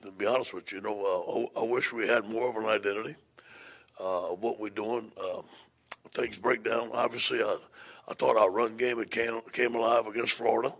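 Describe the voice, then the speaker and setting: A man with a gravelly, husky voice speaks as a head football coach at a press conference. He is plain-spoken, repeating and restarting his words as he goes. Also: fairly low pitch, steady tone, brisk, a bit bright.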